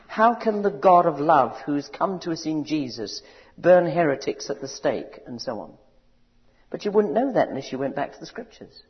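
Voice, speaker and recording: Preacher in a big echoing hall. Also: male voice, a little high, very animated, moderate pace. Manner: rousing, rising to loud cries; asks the audience questions. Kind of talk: sermon. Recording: dull recording in a large reverberant hall.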